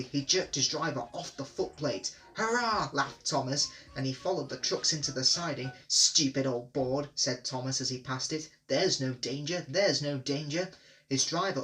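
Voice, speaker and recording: A man reading children's railway stories aloud in a clear, measured way. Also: mid-range voice, bright, forceful tone. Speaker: storybook reader. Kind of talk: storybook narration.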